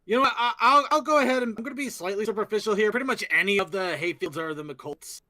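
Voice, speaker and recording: Man, high pitch, bright tone, excitable, casual chat, restarts sentences. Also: fast. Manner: excitable, swears, stumbles and restarts. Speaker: co-host of a fan talk show.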